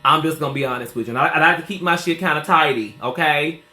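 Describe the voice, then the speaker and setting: Speaking fast, a sassy salon owner and hairstylist in his 40s chats with viewers during a live tour, calling them girl and honey in a high, bright voice. The small indoor salon gives the recording an echoey, roomy feel.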